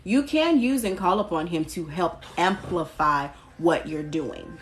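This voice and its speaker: A woman with a slightly low voice talks straight into her phone during a casual live stream. She chats candidly, picks up viewer comments as they come in, and lets an occasional curse slip. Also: expressive, a little slow, soft background music. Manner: candid and chatty, reads out and answers viewer comments, occasional swearing. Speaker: spiritual practitioner hosting a live stream.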